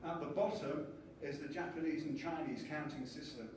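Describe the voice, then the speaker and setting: A man giving a lively conference lecture and explaining ideas with small acted-out scenes. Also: fairly high pitch, moderate pace, slight background noise. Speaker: conference speaker. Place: conference hall. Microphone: distant from the mic. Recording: echoey hall from far off, faint ambience.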